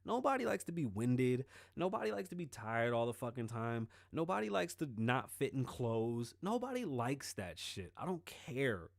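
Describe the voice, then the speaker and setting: A man hosting a podcast, talking casually and swearing freely as he tells stories in an animated way. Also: medium pitch, moderate pace, creaky, hardly any pauses, no room sound, studio quality. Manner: profane, animated storytelling. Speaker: podcast host.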